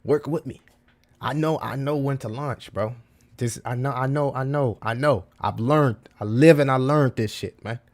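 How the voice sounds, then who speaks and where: A man's voice: medium pitch, normal speed. A man talking casually to his livestream chat, full of slang, repeating himself and calling listeners bro. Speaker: crypto livestreamer.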